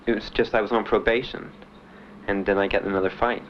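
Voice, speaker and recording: A man being interviewed about his time in the service, telling his story in a halting, plainspoken way with many fillers. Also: lowish voice, steady tone. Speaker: veteran interviewee. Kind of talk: documentary interview. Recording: dull archival recording with faint hiss.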